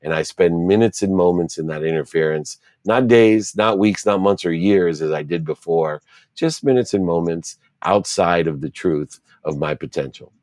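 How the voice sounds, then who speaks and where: A man's voice: sits low, moderate pace, a little mellow, dry recording, studio quality. A middle-aged man, an interview guest, telling a personal story earnestly and repeating phrases for emphasis.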